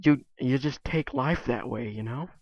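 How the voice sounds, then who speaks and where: A man's voice: medium pitch, moderate pace, a little mellow, no echo, highs cut off. A man vlogging alone, telling stories in a casual, rambling way full of fillers and asides. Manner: rambling, many fillers, self-interrupting asides.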